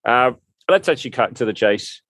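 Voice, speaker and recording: A man's voice: mid-range voice, animated, fairly quick, fairly bright tone, no room sound. A man with an English accent hosting a casual rugby podcast, teasing his co-hosts with plenty of "uh" fillers. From England. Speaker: podcast host. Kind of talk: casual banter about rugby.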